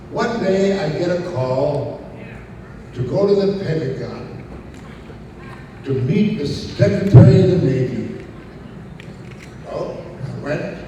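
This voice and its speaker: Gruff older man telling stories on stage. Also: a little high, dark tone, recorded from a distance, slight background noise. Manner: raconteur, gruff and salty, laughing asides. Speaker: convention guest. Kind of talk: storytelling Q&A on stage. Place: large convention hall. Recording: echoey hall, mic heard from afar. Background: audience laughter.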